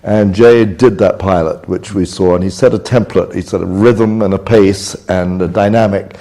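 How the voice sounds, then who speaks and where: A man's voice: deep voice, fairly even intonation, normal speed, warm tone. Wry man recalling his directing start. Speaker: director on a panel. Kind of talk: anecdotal panel talk. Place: theater stage before a live audience.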